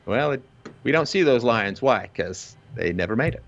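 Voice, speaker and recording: A man speaking as a guest, arguing in a lively, conversational way and dropping into short mock quotes. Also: mid-range voice, normal speed. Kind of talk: conversational argument. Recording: dull lo-fi sound.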